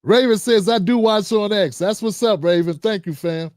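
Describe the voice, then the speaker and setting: A man's voice: sits high, moderate pace, darkish tone, no echo, studio quality. A man hosting a livestream show, reading out viewer comments and signing off in a loose, slangy, chatty way. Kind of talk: casual sign-off and comment shout-outs.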